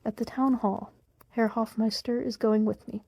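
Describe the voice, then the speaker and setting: A woman's voice: fairly high pitch, fairly even intonation, normal speed, warm tone, husky. A woman reading as an elderly, deferential tailor. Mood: resigned. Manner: formal, deferential. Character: elderly male tailor, polite and resigned.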